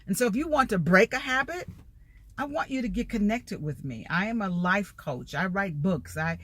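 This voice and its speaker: A woman's voice: mid-range voice, expressive, normal speed, a bit bright. A middle-aged woman, a life coach, giving an emphatic motivational talk in a repetitive preaching cadence. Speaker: life coach and empowerment speaker.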